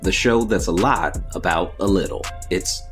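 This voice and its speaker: A man with a very low voice co-hosts a relaxed comedy podcast. He talks in an easygoing, drawn-out way and backs his co-host with steady affirmations. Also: faint music behind. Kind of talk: casual comedic podcast chat.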